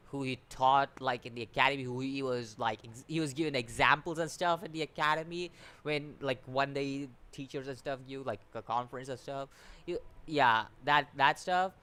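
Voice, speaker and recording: An anime reviewer gives a casual, rambling review in a fairly high, pushed, bright voice that's clear and resonant. He repeats words, leans on fillers, and keeps restarting sentences, sounding exasperated and complaining.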